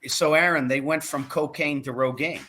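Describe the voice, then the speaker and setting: A man hosting a call-in talk show, agreeing readily and chiming in with quick quips. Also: a little high, fairly even intonation, sharp tone. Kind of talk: call-in radio chat.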